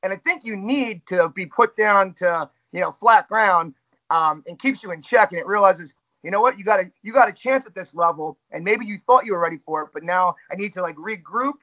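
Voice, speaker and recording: Bright high-voiced announcer man, candid. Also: a little fast, highs cut off. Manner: candid, self-critical storytelling. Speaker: wrestling ring announcer and commentator, guest. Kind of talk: casual interview chat.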